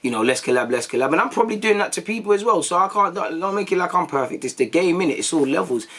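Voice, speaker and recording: A young man, a vlogger telling stories to his viewers in a casual, animated way, full of slang and acted-out quotes. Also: sits high, fast. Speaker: YouTube vlogger.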